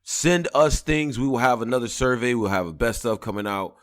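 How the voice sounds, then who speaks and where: A man with a raspy voice, hosting a casual podcast in a laid-back way. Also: mid-range voice, a little fast. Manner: laid-back, loose, many fillers. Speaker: podcast host.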